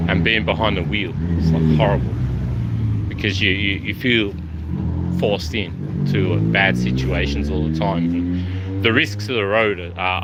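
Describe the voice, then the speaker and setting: A man's voice: on the low side, sharp tone, slight background noise. A man talking to camera in a rambling monologue, offhand and jumping from topic to topic. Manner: meandering, offhand, jumps between topics.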